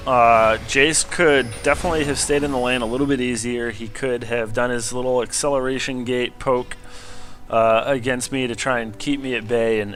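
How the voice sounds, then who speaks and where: A young man casually commentating a replay of his own match, getting excitable at big plays. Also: mid-range voice. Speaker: gameplay commentator.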